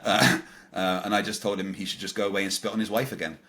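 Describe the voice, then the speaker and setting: A man with a low, deep voice tells a story as a podcast guest. He replays each exchange line by line, quoting both sides, and fills the gaps with ums, uhs and false starts. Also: level tone, quick pace, background noise. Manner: retells encounters with quoted dialogue, many fillers and restarts. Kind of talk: casual storytelling in an interview.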